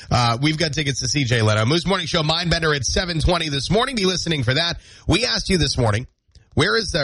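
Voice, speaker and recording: A man's voice: on the high side, fairly bright tone, husky, no echo, poor audio. A man hosting a morning radio show, chatting playfully and joking between calls. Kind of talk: casual radio banter. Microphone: studio microphone.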